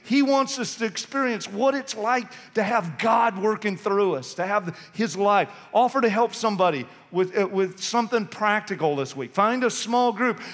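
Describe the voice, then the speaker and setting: A man's voice: sits high, lively intonation, normal speed, hardly any pauses, fairly bright tone. A male pastor preaching an impassioned, urgent sermon in a church sanctuary. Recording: long reverb of a church hall.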